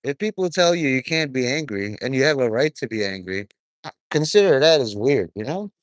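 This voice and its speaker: Talking to camera at a moderate pace, this man rambles through a profane, stream-of-consciousness monologue for viewers, wandering between subjects. His mid-range voice is very animated, with no room sound.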